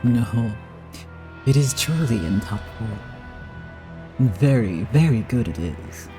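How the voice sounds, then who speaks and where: A man voicing a cocky male crime boss who speaks slowly and mockingly, in a game playthrough. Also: lowish voice, lively intonation, music in the background. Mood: smug.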